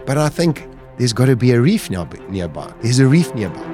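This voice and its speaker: A man's voice: mid-range voice, very animated, brisk, over music. A middle-aged man, a podcast guest vividly retelling his own ordeal and acting out his inner voice. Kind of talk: dramatic personal storytelling.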